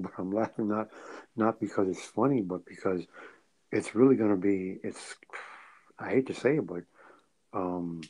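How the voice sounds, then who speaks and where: A man's voice: on the low side, darkish tone, low-quality recording. A man co-hosting a casual podcast, speaking carefully and hesitantly as he chooses his words. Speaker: podcast co-host. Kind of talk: casual economics discussion.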